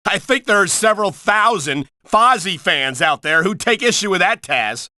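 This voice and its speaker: Excitable earnest wrestling play-by-play man. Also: high voice, moderate pace, dry recording, studio quality. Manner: earnest, excitable announcer, prim and scolding. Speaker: play-by-play commentator. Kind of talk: pro wrestling video game commentary.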